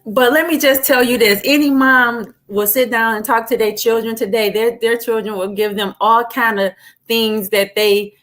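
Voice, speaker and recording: A woman hosting a livestream interview, talking in an encouraging, animated way. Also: fairly high pitch, normal speed. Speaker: host.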